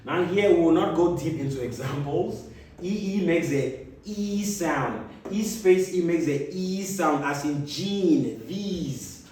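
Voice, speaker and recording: Slow high-voiced man teaching phonics. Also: expressive, darkish tone, far from the mic. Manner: slow, drawn-out repetition of sounds and example words. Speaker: reading teacher. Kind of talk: phonics lesson. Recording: echoey room, voice from off-mic.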